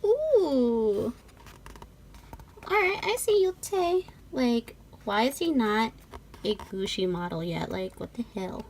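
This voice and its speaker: Young woman, high voice, lively pitch, gushing, whispered asides, casual unboxing chat. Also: slow, a little hiss or hum, rough recording. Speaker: vlogger.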